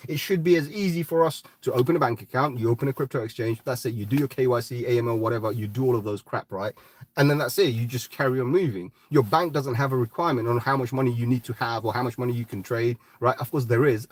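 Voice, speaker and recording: A man hosting a live crypto talk, ranting bluntly and swearing, often tagging "right?". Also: medium pitch. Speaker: crypto podcast host.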